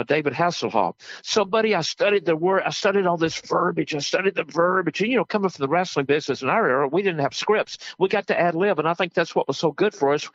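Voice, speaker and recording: Older Southern man, lively raconteur, fairly high voice, dry muffled sound. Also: no echo. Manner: animated, excitable storyteller with exclamations. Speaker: interview guest. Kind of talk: casual storytelling interview.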